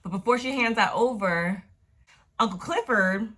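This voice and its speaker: A woman recapping a TV episode in a casual, slangy, profane way, with animated retellings. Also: mid-range voice, a little slow. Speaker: TV recap vlogger.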